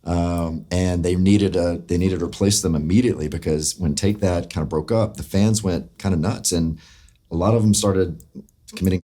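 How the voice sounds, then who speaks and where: A man's voice: low-pitched, steady tone, moderate pace, dark tone. A man in his forties with a Southern US accent, telling stories in a casual interview and laughing easily. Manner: laughs easily, chatty, trails off. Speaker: guest, former boy band member.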